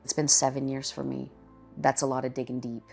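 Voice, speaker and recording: A middle-aged woman with a low, gravelly voice tells her cancer story in a candid, conversational way. It is a personal testimony, with faint music underneath. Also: little pitch movement, a little fast, a little mellow.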